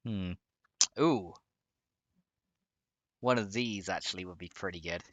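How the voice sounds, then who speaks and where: Male streamer, casual rambling live-chat delivery, dry close sound, pitched a touch low. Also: takes it slowly, dry recording, dull audio. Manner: rambling, chatty, laughs often, reads out chat. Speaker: game modding streamer.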